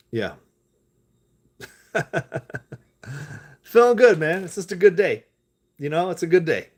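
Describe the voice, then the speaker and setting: Profane rambling American man. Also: medium pitch. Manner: loose, profane, laughing asides. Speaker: stock-talk vlogger. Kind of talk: rambling live stream chat.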